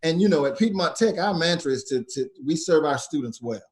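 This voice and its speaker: A man hosts a casual talk for a college. His voice sits a bit high, and he often restarts sentences and fills gaps with filler words. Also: animated. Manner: halting, many restarts and fillers. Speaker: college staff host.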